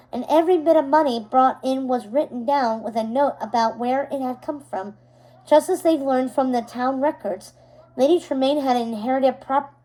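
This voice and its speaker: A woman reading a novel aloud as narrator, steady and unhurried, now and then correcting a word. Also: high voice, poor audio.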